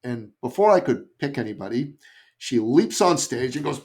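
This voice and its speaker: A middle-aged man from Canada, a guest on a podcast interview, telling a story in an animated way. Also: medium pitch, moderate pace. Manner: animated, acts out quoted voices.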